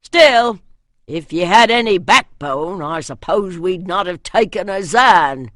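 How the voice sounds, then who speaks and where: A woman voicing a gruff, scornful male warrior, speaking loudly and roughly in an audiobook. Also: on the low side, animated, takes it slowly, dry recording, studio quality.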